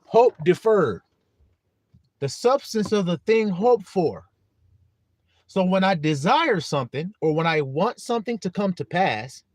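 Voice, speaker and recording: A preacher livestreams a casual sermon to his online flock in a high, very animated voice. He presses listeners with rhetorical questions, speaking bluntly and sprinkling in profanity. The sound is close and dry, with no room sound.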